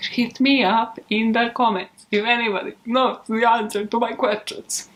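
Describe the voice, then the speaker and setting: A woman's voice: a little high, steady tone, a little slow. A woman who hosts a true crime channel, chatting casually in outtakes, giggling, mocking herself and swearing freely. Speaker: true crime YouTube host.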